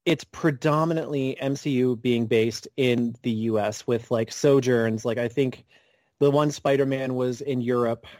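A man's voice: mid-range voice, fairly even intonation, a little slow, darkish tone, dry recording. Rambling man, dry close sound. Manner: rambling, self-correcting with many restarts. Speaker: podcast co-host. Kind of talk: casual chat.

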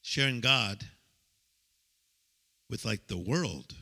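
A male preacher giving an excitable sermon to a live audience, stammering and repeating himself and shouting to the crowd. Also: on the low side, drawn-out words, vocal fry, slightly rough.

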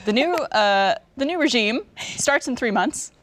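A woman's voice: a little high, animated, measured pace, a bit bright. Chatty Canadian woman hosting a game. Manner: chatty, laughs often, reads questions aloud steadily. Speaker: host. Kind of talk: casual chat, reading game prompts.

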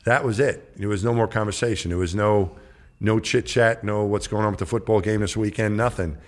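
A former astronaut in middle age sits as an interview-show guest, rambling through a long anecdote and acting out its characters' conversations. His lowish voice keeps a steady tone at a slightly quick pace, fitting the casual storytelling feel of the interview.

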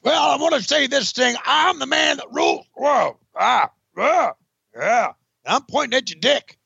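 A man puts on a swaggering male wrestler, loud and high-pitched, barking boasts and threats with bright, forceful energy. It is a shouted promo voice over a dry, slightly dull podcast recording. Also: lively intonation, measured pace, creaky, breathy edge, dry recording, full character voice. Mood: boastful. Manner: shouting, boastful trash talk. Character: brash, menacing male wrestler cutting a promo.

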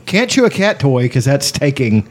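Husky, animated male podcast co-host. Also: medium pitch, normal speed. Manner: animated, laughing, profane banter. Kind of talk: casual chat.

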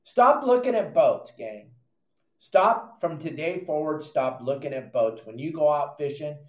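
A fishing podcast host who is also a charter captain gives an animated advice monologue in a fairly high, slightly mellow, reverberant voice. He's emphatic, repeats his points, and addresses his listeners as "gang."

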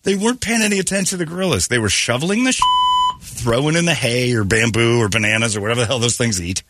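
A man hosting a morning radio show, telling jokey stories with loud put-on impressions. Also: medium pitch, animated, quick pace, heavy background noise. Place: radio studio.

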